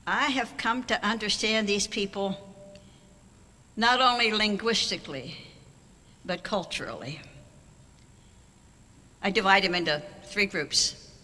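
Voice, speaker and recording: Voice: mid-range voice, a little slow, long pauses, pushed and bright. An older speaker giving a wry, anecdotal banquet speech as an award honoree, at a podium microphone in a large auditorium. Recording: long hall reverb.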